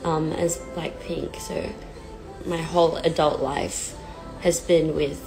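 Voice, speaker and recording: A twenty-something pop singer speaks slowly on a phone livestream, her low, gravelly voice fairly even in intonation. The rough recording carries a faintly playing sad song as she chats casually, nervous and almost crying, hesitant and self-deprecating with many fillers.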